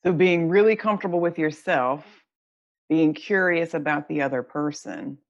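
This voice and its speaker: A woman's voice: deep voice, normal speed, muffled recording. A woman hosting an interview who sums up and affirms her guest's points. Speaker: interviewer, host. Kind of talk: conversational interview.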